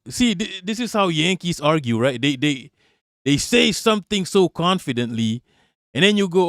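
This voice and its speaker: Speaking a little high with big swings in pitch, a livestream host rants about politics at normal speed. His tone is fairly bright, and his profane, mocking delivery is full of repetition and laughter, recorded dry and clean in a studio.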